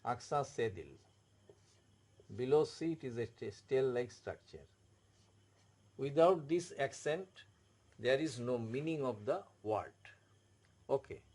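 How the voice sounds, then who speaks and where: A man with an Indian English accent teaching a French lesson, explaining slowly and repeating words and spelled-out letters. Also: medium pitch, expressive, mellow. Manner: slow, repetitive, spells out letters. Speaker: French tutor. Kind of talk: classroom explanation.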